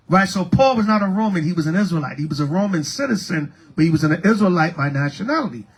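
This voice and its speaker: A man preaching a lively street-style sermon, calling for responses from the congregation. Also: sits high, quick pace, hardly any pauses, slightly rough. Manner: animated, preaching with call-and-response. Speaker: priest.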